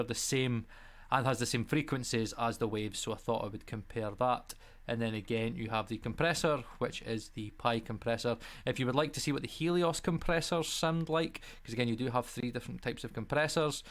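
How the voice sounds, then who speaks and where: A man hosting a casual review vlog, talking in a rambling, chatty way with lots of asides and tag questions, and laughing between words. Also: mid-range voice. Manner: laughs mid-sentence. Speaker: audio plugin reviewer, channel host.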